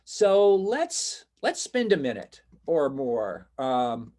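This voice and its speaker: A man's voice: medium pitch, sing-song, slow pace, a little mellow. A man teaching a college class online over a video call, talking casually and reassuring his students while inviting their questions. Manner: reassuring, chatty, encouraging questions. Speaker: college instructor.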